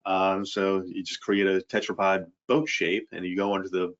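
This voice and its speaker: A man presenting software features in a casual walkthrough, rambling with many fillers and restarts. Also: deep voice, level tone, moderate pace. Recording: dull lo-fi sound.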